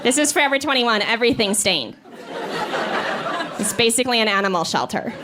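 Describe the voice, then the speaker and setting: A woman voicing a bored young female cashier who speaks in a flat deadpan. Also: on the high side, a little fast, background noise. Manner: flat, dead-eyed deadpan.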